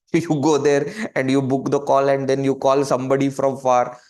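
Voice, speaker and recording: A man with an Indian English accent, a spiritual teacher giving a conversational webinar talk, animated and full of rhetorical questions and acted-out examples. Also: mid-range voice, moderate pace. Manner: animated, acts out questions and quoted people. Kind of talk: webinar talk on joyful living.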